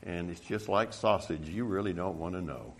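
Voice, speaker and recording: Preaching to his flock, this deep-voiced, middle-aged pastor speaks haltingly, with frequent stumbles and restarts and jokes at his own expense. Reading from scripture, he turns loud and forceful.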